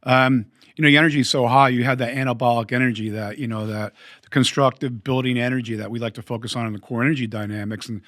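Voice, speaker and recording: A man hosting an interview podcast, asking questions and reflecting in a measured, coach-like way. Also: mid-range voice, fairly even intonation, fairly bright tone, no echo, clean studio sound. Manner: measured, coaching tone, energy jargon. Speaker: podcast host.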